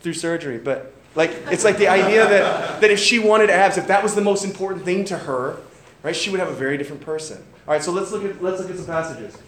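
A young adult male pastor preaches in a casual, conversational style, joking on the side and often checking in with "right?". His high voice is fast and a bit bright, recorded with a roomy hall sound and faint background noise.

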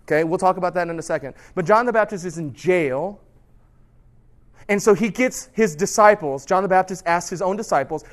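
Male pastor, slightly high voice, casual storytelling sermon, checks in with the room. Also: brisk. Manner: conversational storytelling, often asks "right?".

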